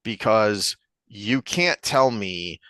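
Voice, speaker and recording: A man's voice: on the low side, very slow, no echo. A man co-hosting a podcast, telling anecdotes in a casual opinionated chat and acting out the characters. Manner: animated storyteller, acts out joke characters. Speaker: podcast co-host.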